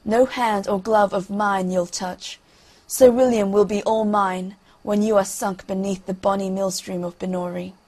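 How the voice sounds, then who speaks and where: A woman's voice: mid-range voice, little pitch movement, unhurried. A woman voicing a cold, jealous elder princess who speaks with scorn in a storybook tale. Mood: cruel.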